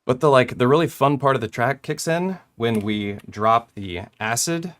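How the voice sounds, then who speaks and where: A man's voice: mid-range voice, moderate pace, a bit bright, soft background music. A young man casually walking through how he made a track on his hardware, rambling a little and correcting himself with small laughs. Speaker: music producer demonstrating gear. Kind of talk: casual gear tutorial.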